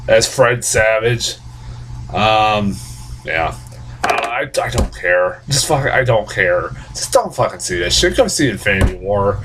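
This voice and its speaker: A man's voice: on the low side, background noise. A man giving a casual, unscripted movie review. He talks bluntly and with exasperation, swears a lot and stammers into frequent restarts.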